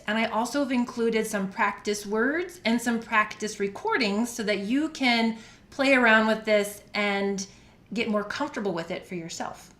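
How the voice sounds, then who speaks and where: American lady teaching vowel sounds, careful and clear, spelling stuff out, kinda echoey room. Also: on the high side, a bit bright. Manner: clear, deliberate, spells out letters. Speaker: pronunciation teacher. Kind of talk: scripted lesson.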